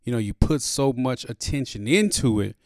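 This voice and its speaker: A man's voice: medium pitch, expressive, normal speed, no echo, studio quality. A man in his forties hosting a podcast in a casual monologue, laid-back and profane, with lots of "you know" fillers. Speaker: podcast host. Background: soft beat playing underneath.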